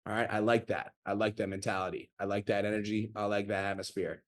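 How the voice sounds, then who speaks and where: A fired-up man in his thirties runs a group coaching call and swears freely as he drives each point home. His voice sits a little low, and it comes through a video call mic. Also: level tone, fast talker. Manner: blunt, profane, pumped-up. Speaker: online business coach hosting a group call. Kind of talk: motivational coaching talk.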